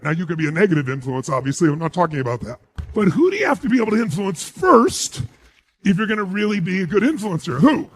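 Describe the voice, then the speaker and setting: A man giving a live motivational speech to an audience, emphatic and full of rhetorical questions. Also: high voice. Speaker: motivational speaker.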